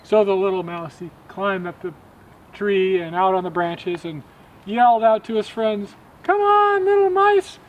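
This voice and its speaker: High-voiced male botany teacher outdoors. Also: steady tone, a little slow, a little mellow, dull audio. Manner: friendly, explanatory, quizzing. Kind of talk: field lesson and storytelling.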